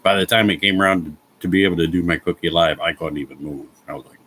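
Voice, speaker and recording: Casual vlogger, male, very low voice with a bright edge, laughs and swears a lot. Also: fast, a little hiss or hum, low-quality recording. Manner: chuckles often, swears freely, self-mocking. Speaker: vlogger chatting with live viewers. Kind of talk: casual chat, rambling storytelling.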